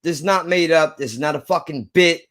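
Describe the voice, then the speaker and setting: A man's voice: a little high, a little fast, a bit bright. Heated, profane man in his thirties. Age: 30s. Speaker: vlogger. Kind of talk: ranting storytelling.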